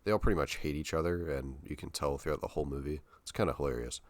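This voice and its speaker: A man's voice: very deep voice, fast talker, dry recording. A young man co-hosting a podcast, telling a story in a loose, rambling way full of fillers and slang. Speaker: podcast co-host. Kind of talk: casual podcast chat.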